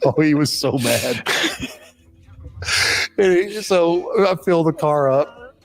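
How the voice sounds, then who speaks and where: A man casually telling a funny road-trip story with lively delivery, often laughing. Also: slow, gravelly. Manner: animated, mimics friend in high voice, laughs a lot. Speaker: podcast guest.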